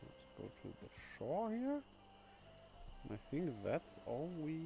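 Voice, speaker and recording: A man's voice: a little high, huge pitch swings, a little slow, gravelly, mellow, faint music behind. Chatty man commenting on a game. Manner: chatty, amused, thinking aloud. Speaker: streamer. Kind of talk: casual game playthrough commentary.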